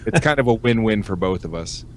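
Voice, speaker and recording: A man's voice: on the low side, animated, a little fast, a little hiss or hum. A man hosting a podcast in casual chat, full of crude, profane jokes. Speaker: podcast host.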